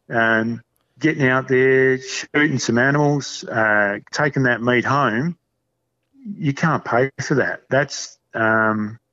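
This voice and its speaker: A man's voice: medium pitch, pushed and bright. Earnest Australian man, dull lo-fi sound. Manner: earnest, rambling, says "mate" often. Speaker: podcast guest, hunter. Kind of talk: casual chat.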